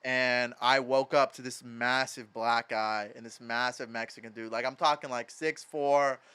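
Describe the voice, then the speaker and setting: A man's voice: mid-range voice, measured pace, smooth. A young man in his twenties from Wisconsin, a podcast guest telling stories casually, full of "like" and swearing. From Madison, Wisconsin. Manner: filler-heavy, profane, animated. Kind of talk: casual storytelling.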